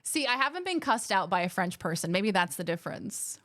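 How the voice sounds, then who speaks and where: A woman's voice: medium pitch, big pitch swings, fairly quick, bright, forceful tone. An American woman chatting playfully with viewers on a live stream, now and then slipping into mock accents. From United States. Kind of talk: casual live-stream chat.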